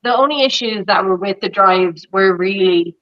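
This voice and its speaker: A woman's voice: moderate pace, dry recording, muffled recording. A woman with a Dublin Irish accent telling a story in casual chat, acting out quoted voices and laughing often. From Ireland. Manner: acts out quoted voices with big pitch jumps, laughs often. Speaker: guest performer.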